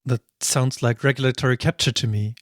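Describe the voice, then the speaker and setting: A man hosts a podcast in a casual chat, with a voice of ordinary middle pitch. He throws in short, joking remarks between his questions. His voice sounds close and dry, with no room around it. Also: steady tone, a little fast, no room sound. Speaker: podcast host.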